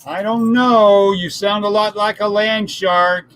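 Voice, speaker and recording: Brief: man doing a suspicious lady at the door, slightly higher, pushy questions, sketch comedy. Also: fairly even intonation, slow pace, fairly bright tone, smooth. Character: startled woman at her door, suspicious.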